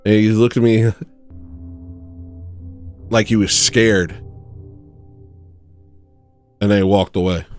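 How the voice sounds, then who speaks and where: A man with a low voice hosts a livestream, drifting from one tangent to the next in a loose comedic monologue. He chuckles at his own jokes as he goes, with faint music playing behind him. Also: fairly even intonation, takes it slowly, pauses often, a little mellow, smooth. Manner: rambling, jumps between tangents, laughs at his own jokes. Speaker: livestream host.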